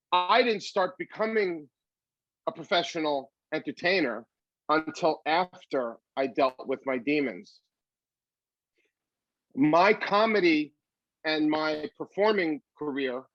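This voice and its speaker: A man's voice: on the high side, a bit bright, no room sound. Upbeat man musing, muffled sound. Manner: upbeat, philosophical, rambling with fillers. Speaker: comedian. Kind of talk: reflective storytelling in an interview.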